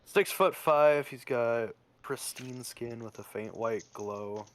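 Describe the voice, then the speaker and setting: A man's voice: medium pitch, slow. A man player steadily reading out his character's description in a tabletop game. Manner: listing details steadily, with occasional fillers.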